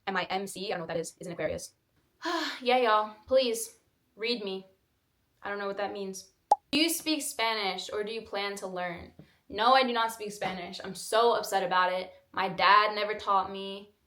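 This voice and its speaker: A woman's voice: medium pitch, normal speed, bright, forceful tone, a little hiss or hum. Chatty young woman, echoey room. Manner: chatty, rambling, lots of "like". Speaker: vlogger. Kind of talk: casual Q&A chat.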